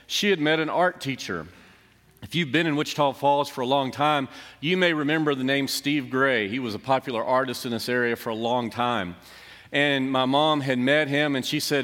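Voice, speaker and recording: In a church sanctuary with long hall reverb, a middle-aged pastor preaches at a moderate pace in a mid-range, slightly bright voice. He tells a personal story in a conversational, self-deprecating manner.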